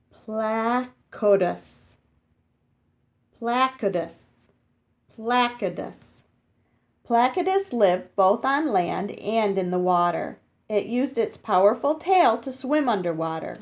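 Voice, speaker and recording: Lively woman reading a children's book. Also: mid-range voice. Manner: explains words and asks children questions as she reads; slow and careful, sounding out hard names.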